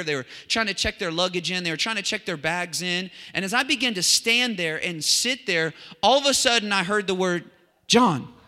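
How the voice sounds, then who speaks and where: A man preaching a sermon in a chatty, animated way, full of asides and restarts. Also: high voice. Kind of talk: casual conversational sermon. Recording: long hall reverb.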